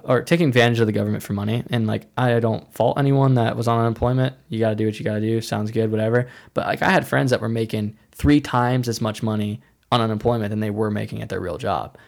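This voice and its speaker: A man's voice: medium pitch, gravelly, a little mellow. A man telling a personal story in a loose, rambling way, filling his sentences with "like" and acting out what others said. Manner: rambling, heavy use of "like", acts out quoted dialogue.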